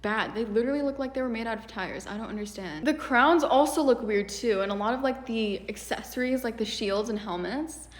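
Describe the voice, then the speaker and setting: A young woman YouTuber giving a casual critique in an animated, exasperated way, with many fillers. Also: on the high side, fairly quick, hardly any pauses. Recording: echoey room with long reverb.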